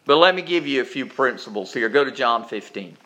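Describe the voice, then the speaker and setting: A male pastor preaching a sermon, leading the congregation in call-and-response and climbing higher on emphasis. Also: animated, fairly quick, sharp tone.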